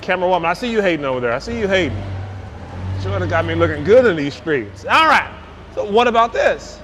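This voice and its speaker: A man's voice: high voice, big pitch swings, fairly quick, a bit bright. A man demonstrating a forklift outdoors, exuberant and hyped, repeating his praise and whooping as he drives. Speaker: forklift salesman demonstrating a lift. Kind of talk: enthusiastic product demo. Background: faint outdoor and vehicle noise.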